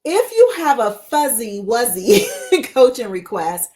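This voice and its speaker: A woman's voice: on the high side, sing-song, slow, a little mellow. A woman mentor coach teaching a live-streamed coaching lesson, repeating rhetorical questions to her viewers.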